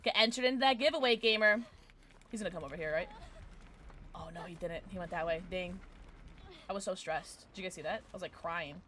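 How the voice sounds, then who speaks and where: A young woman streaming a game from home on a desk microphone, chatting excitedly to her viewers and breaking into shouts and laughter. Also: lowish voice, a little fast, pauses often, a little hiss or hum. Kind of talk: live gameplay commentary.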